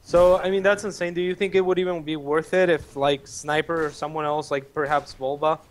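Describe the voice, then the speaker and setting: A man's voice: on the high side, steady tone, brisk. A man co-casting a live esports match, casually asking his partner questions and adding loose remarks. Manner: curious, casual, many fillers and questions. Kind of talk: live esports color commentary.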